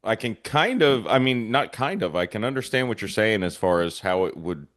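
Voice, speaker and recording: A man hosting a podcast who talks haltingly and corrects himself as he goes. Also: on the low side, big pitch swings, a bit bright. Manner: hesitant, halting, self-correcting. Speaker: podcast host. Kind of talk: casual podcast interview.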